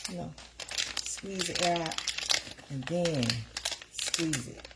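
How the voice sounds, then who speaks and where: A woman's voice: lowish voice, slow. A middle-aged woman hosting a casual live stream from her kitchen, talking to her viewers in a chatty, repetitive way. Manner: chatty, talks to the chat as "y'all", repeats herself. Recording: noisy home stream with crinkling.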